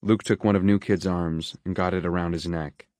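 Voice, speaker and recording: Low-voiced male audiobook narrator. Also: steady tone, normal speed, darkish tone, dry recording, studio quality. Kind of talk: scripted narration.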